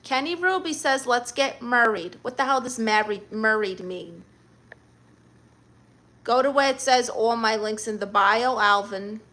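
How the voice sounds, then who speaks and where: A woman's voice: on the high side, lively intonation, measured pace, pushed and bright. A young adult woman hosting a livestream, reading chat messages aloud and answering with sassy, teasing comebacks.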